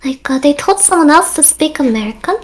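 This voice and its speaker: A woman's voice: sits high, animated, brisk. A woman with a light German accent chatting casually as a guest, hesitant with many fillers. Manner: hesitant, many ums and uhs. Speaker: guest streamer. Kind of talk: casual chat.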